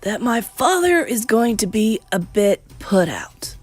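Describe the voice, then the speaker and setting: A woman voicing a loudmouthed, greedy, spoiled boy who has been turned into a mouse, shouting indignantly in a storybook read-aloud. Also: mid-range voice, big pitch swings, normal speed, breathy edge, soft background music. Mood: grumbling.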